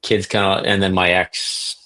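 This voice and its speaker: A man from Canada, a reptile breeder and podcast guest, telling animated stories and acting out quotes. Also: low-pitched, a little slow. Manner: animated storyteller, acts out quotes. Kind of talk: casual podcast storytelling.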